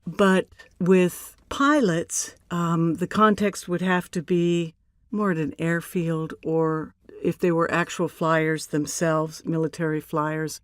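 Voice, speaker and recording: An older woman, a voice actor, telling stories in an interview in a measured, deliberate way with emphatic pauses. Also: sits low, steady tone, dry recording, studio quality. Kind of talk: relaxed interview storytelling.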